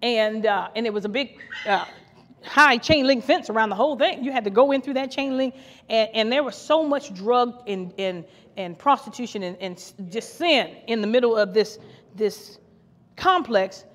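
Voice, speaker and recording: A woman's voice: fairly high pitch, moderate pace. Fervent woman preacher in a reverberant hall. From Ohio, USA. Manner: fervent, repetitive, laughing preacher. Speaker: co-pastor. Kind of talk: podcast sermon.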